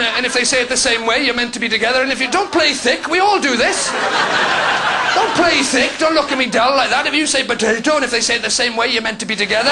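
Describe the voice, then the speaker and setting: A man's voice: extremely high pitch, very noisy. A Welsh man doing a stand-up set in a comedy club, ranting with mock indignation at the audience. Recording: live club set with crowd laughter.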